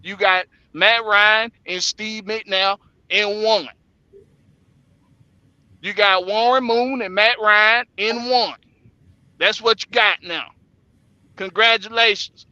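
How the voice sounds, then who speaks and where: Bright, high-voiced joking man. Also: fairly even intonation, takes it slowly, long pauses, no room sound, lo-fi sound. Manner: loose, joking, profane. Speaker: podcast co-host. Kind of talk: casual joking banter.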